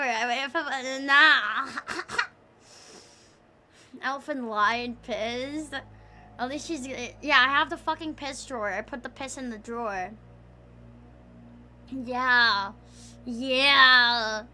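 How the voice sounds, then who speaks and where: A woman's voice: sits high, takes it slowly, pauses often, sharp tone. A woman streamer in casual livestream chat, rambling, swearing a lot and breaking into giggles.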